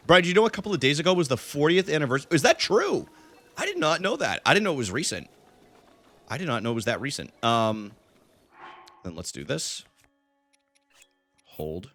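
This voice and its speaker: A man's voice: medium pitch, fairly bright tone. Chatty young man streaming a game. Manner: chatty, greets chat by name, lots of "like". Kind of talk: casual live-stream commentary.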